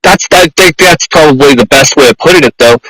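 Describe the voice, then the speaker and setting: A man hosting a podcast, speaking effusively and haltingly with many repeated words. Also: on the high side, fairly bright tone, husky, no echo, low-quality recording. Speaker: podcast host, pet groomer. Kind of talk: conversational interview.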